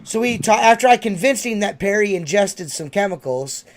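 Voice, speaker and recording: A man's voice: high voice, animated, normal speed. A man hosting a podcast, telling stories in casual chat, swearing and laughing often. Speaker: podcast host.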